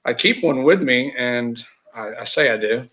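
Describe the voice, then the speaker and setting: Heartfelt man with a bright voice. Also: mid-range voice, normal speed. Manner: heartfelt, rambling, many fillers and restarts. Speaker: real estate team leader, guest. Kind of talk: casual interview chat. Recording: dull lo-fi audio.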